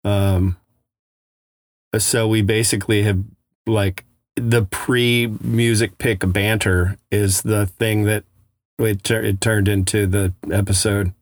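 Slow low-voiced podcast guy, halting and thoughtful, dry sound. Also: no room sound. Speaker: podcast co-host. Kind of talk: casual chat.

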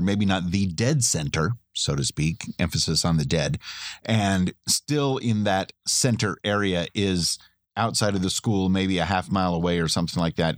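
Middle-aged male podcast co-host, low voice, dry close mic, rambling casual chat. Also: no room sound. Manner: chatty, rambling, laughs often.

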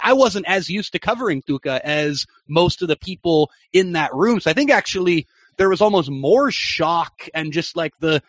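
A young man, a soccer journalist and broadcaster, telling an animated story as a guest on a podcast interview. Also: high-pitched, no echo. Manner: animated, excited anecdote-telling.

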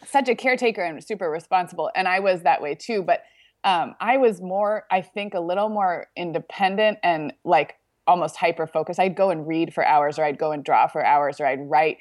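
A woman co-hosting a podcast, speaking thoughtfully about her children in casual chat, often pausing to find words. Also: fairly low pitch, darkish tone, no echo, studio quality. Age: adult, mother of young children. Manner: thoughtful, many fillers and pauses. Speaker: podcast co-host.

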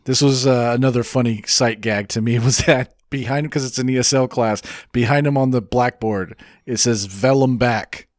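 A man's voice: medium pitch, steady tone, moderate pace, hardly any pauses, dry recording, studio quality. Wry, amused man on a podcast. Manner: wry, amused, points out gags with short agreeing replies. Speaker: podcast co-host. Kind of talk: casual movie-review chat.

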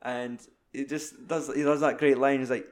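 A young Scottish man chatting casually about a film, swearing a lot and acting out lines in quick put-on voices. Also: medium pitch, little pitch movement.

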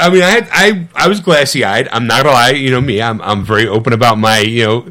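A middle-aged man chatting on a podcast, telling a film story with lots of energy. His voice is of middling pitch. He acts out quotes as he goes and swears freely. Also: animated, fast talker, hardly any pauses, pushed and bright. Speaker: podcast co-host. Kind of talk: casual chat.

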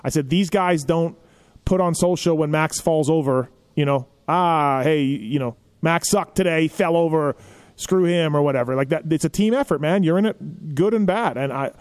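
A man hosting a podcast, telling stories in a casual, animated way with lots of filler phrases. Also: a little high, normal speed. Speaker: podcast host.

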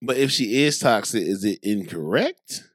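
A man hosting a podcast, talking in loud, teasing banter full of slang. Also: lowish voice, expressive, normal speed, dry recording, studio quality. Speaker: podcast host. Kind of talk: casual chat.

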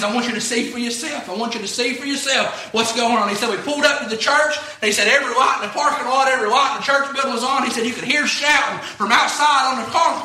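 A man's voice: very high-pitched, sharp tone, roomy sound. A man preaching a sermon, retelling a story in a folksy way with repeated "he said".

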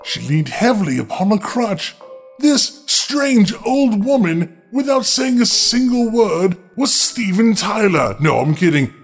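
High-voiced sardonic male storyteller. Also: big pitch swings, unhurried, breathy edge, faint music behind. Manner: sardonic asides to listeners. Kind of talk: comedic fairy tale reading.

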